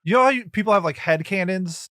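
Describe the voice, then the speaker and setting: A man's voice: sits high, expressive, fast, fairly bright tone, dry recording, studio quality. A man co-hosting a podcast in casual group chat, joking around and stressing his points. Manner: joking, emphatic, playful. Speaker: podcast co-host.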